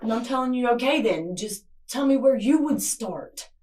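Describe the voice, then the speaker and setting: A woman's voice: fairly high pitch, animated, moderate pace, darkish tone. A woman, a mother of a missing child, pleading and angry, swearing as she confronts someone in an interrogation room. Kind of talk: emotional confrontation. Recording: distant surveillance camera, faint noise.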